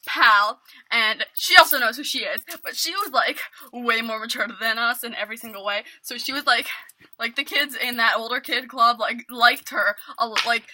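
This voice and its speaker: A woman's voice: fairly high pitch, moderate pace, bright, forceful tone, a little hiss or hum. A young woman from New York state telling a rambling storytime vlog, full of "like" and mock-drama. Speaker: vlogger.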